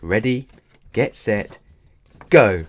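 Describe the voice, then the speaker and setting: A man's voice: fairly low pitch, sing-song, moderate pace. Man voicing a cheerful schoolgirl, encouraging, storybook reading.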